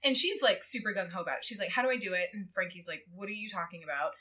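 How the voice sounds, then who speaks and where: A woman chatting casually on a podcast, retelling a story with lively acted quotes and frequent laughter. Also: fairly low pitch, racing. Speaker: guest co-host. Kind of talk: casual podcast chat, recapping a book.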